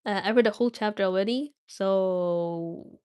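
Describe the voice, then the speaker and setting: A woman's voice: mid-range voice, moderate pace, a little mellow, clean tone, no room sound, studio quality. Young woman reading aloud on a live stream. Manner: reads with small slips and restarts, chats casually with viewers.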